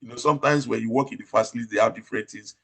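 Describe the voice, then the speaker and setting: Nigerian man, nurse manager, emphatic and loud, gravelly low-mid voice. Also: rapid-fire. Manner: loud, emphatic, repeats points and asks rhetorical questions. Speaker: operating room nurse manager. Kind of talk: advice talk in an interview.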